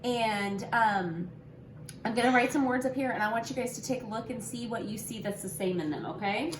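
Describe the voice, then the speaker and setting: A woman teaching young children a phonics lesson, speaking slowly and clearly, spelling out letters and encouraging them. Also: on the high side, background noise. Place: home room with an easel. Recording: echoey room.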